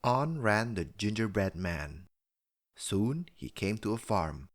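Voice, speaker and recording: A man with a low voice reads a children's bedtime story aloud. He takes it slowly and leans into every line, with his pitch rising and falling in a lively, animated way. It is gentle, expressive storybook narration.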